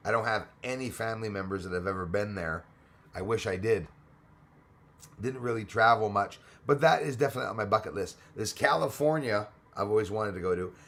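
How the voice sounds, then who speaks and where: Gravelly, chatty male live stream host. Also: on the low side, fairly bright tone. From Australia. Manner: chatty, greets viewers by name, laughs often. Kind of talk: casual live stream chat.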